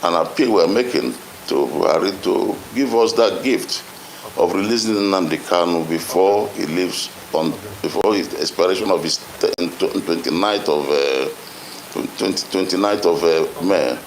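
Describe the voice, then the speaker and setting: A man, speaking as a guest in a measured, formal way and stumbling over some words. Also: low-pitched, a little hiss or hum, low-quality recording. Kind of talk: formal statement.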